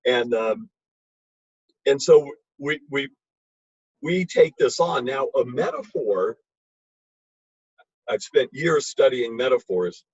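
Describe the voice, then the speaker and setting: A man's voice: mid-range voice, expressive, takes it slowly, pauses often, a little mellow, husky. A man giving an informal, emphatic lecture on wine with blunt, chatty asides. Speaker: wine educator. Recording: dull lo-fi recording.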